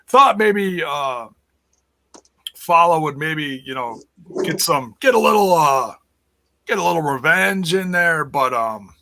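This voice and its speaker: A man's voice: on the high side, lively intonation, slow pace, creaky, sharp tone. A man co-hosting a casual wrestling review show, joking around and often restarting his sentences. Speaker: podcast co-host.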